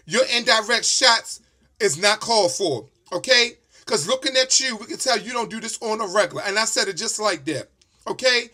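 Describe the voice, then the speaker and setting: Sassy high-voiced man ranting. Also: bright, forceful tone. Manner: sassy, emphatic, swears a lot. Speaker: vlogger. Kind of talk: profane storytelling rant.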